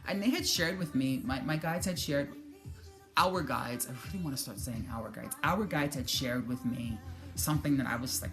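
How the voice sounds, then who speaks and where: A woman's voice: very deep voice, normal speed, music in the background. A woman vlogger giving casual spiritual motivation talk, chatty and joking, cursing freely and acting out her own reactions.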